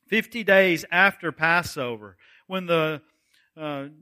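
A man preaching a sermon, reading scripture aloud in a deliberate way. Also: a little high, sharp tone, clean tone. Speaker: pastor.

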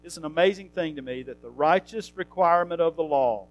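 A man with a strikingly high voice delivers an earnest, conversational sermon, lingering on fillers and building into emphatic questions. Soft guitar music plays faintly in the background. The audio is lo-fi with no room sound.

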